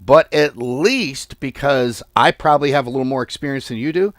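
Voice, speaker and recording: A man's voice: moderate pace, no echo. A man hosting a forex trading channel, talking casually and bluntly to his viewers, often exasperated and swearing. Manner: lively, swings pitch and volume. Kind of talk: casual market commentary to viewers.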